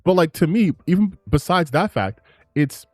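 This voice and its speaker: A man giving casual commentary on gaming clips, ranting in an excited, rambling way with frequent restarts. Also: a little high, normal speed, dry recording.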